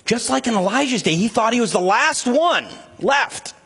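A man's voice: expressive, normal speed, vocal fry, fairly bright tone, breathy edge. A man preaching a sermon as a pastor, speaking with passion and rising emphasis. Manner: impassioned, rising to emphatic high pitch when stirred.

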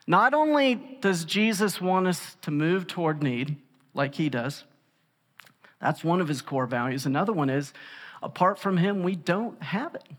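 A man delivering a sermon in a large room, talking to the crowd in a loose, conversational way. His voice sits a little higher than most men's and climbs when he stresses a point. A long hall reverb trails after his words. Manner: conversational, animated, with emphatic rises. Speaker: pastor.

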